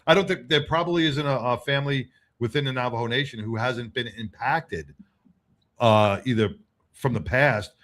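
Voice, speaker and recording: Halting male show host. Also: mid-range voice, a bit bright. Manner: halting, restarts and stammers. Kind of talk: casual panel chat.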